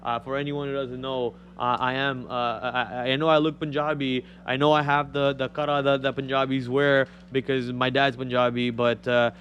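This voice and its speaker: A man from India, a Telugu speaker, hosting a live stock trading stream with excitable, joking chat. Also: medium pitch, moderate pace, hardly any pauses, lo-fi sound, a little hiss or hum.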